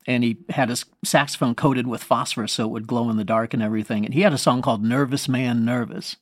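A man's voice: medium pitch, quick pace, no room sound. Guy, musician, chatty storyteller, does little voices for people, dry close sound. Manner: animated storyteller, quotes others in lively voices. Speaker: guest musician. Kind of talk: casual storytelling interview.

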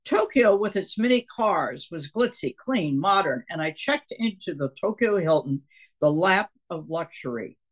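A woman's voice: on the low side, lively intonation, measured pace. An older woman from Minnesota, a guest author reading a chapter of her own book aloud and chatting with the host.

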